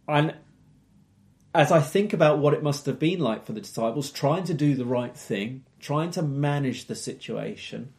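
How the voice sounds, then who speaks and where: A man's voice: on the high side, darkish tone. A man giving a sermon, retelling a Bible story and asking reflective, rhetorical questions with frequent hesitations. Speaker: preacher.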